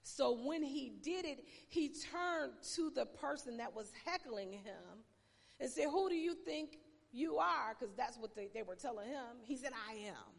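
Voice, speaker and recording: A woman pastor preaching a sermon with emphatic pauses and shouted exclamations, her voice sounding tired. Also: fairly high pitch, creaky, big-room sound.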